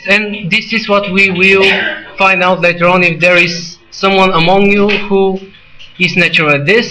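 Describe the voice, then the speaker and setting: A man teaching a classroom of students, talking in a halting way with restarts and asides to the class. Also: sits high, low-quality recording. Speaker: teacher giving a presentation. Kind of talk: classroom lecture.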